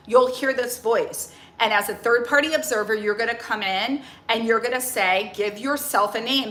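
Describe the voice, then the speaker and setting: A woman in her forties talks casually to camera as a coach. She is chatty and animated, with a bright, fairly high voice. The recording is echoey. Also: normal speed, few pauses. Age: 40s. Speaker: nutrition and mindset coach. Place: outdoors near a tree.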